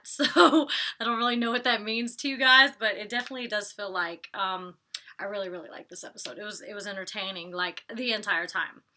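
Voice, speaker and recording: A young woman with a medium-pitched, sharp-toned voice chats casually at home indoors. She's a vlogger reviewing a reality show, giving strong opinions peppered with lots of likes, ums and laughter.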